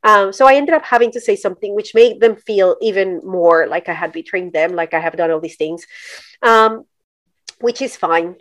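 A middle-aged woman talks frankly as a podcast guest, pressing hard on her points. Her voice sits in an ordinary middle pitch for a woman. The sound is close and dry, with no room echo. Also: normal speed. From Colombia. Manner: direct, emphatic, acts out quoted voices. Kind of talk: candid conversational storytelling.

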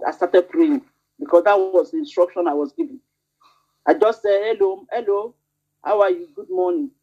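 Fervent woman preaching, lively voice. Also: mid-range voice. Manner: animated, fervent, repetitive preaching. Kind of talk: sermon. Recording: muffled lo-fi recording.

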